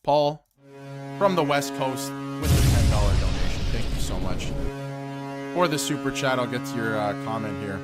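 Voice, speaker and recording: A man hosting a solo sports stream in a heated, emphatic rant. His pitch swings widely as he jumps from loud outbursts to low, muttered asides. He keeps repeating phrases to hammer his point home. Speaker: sports commentary host. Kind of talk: fired-up solo hockey rant to camera, reading super chats.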